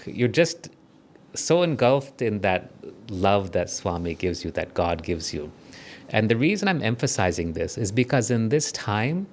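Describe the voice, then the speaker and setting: Lively-voiced South African man leading meditation. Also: fairly low pitch, slight background noise. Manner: gentle, conversational, checks in with listeners. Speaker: spiritual speaker leading a meditation. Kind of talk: devotional talk and guided meditation.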